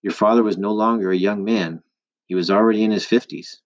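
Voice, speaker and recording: Man reading as a wise gentle old woman, calm measured storybook voice, lowish tone, dull lo-fi sound. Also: close to an everyday voice.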